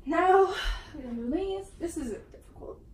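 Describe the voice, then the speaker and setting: A woman's voice: very high voice, lively intonation, moderate pace. A woman vlogging casually from her mom's bedroom, giggling and poking fun at herself, often out of breath, heard from a camera set back across the room. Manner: giggly, self-mocking, laughs often. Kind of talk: casual vlog. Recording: roomy, distant, faint hiss.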